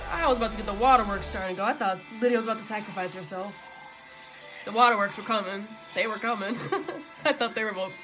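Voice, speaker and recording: A young woman reacting live to a TV episode, excitable and emotional, blurting and shouting at the screen and swearing freely. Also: medium pitch, fast talker, over music, poor audio. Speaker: reaction video host. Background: episode soundtrack playing.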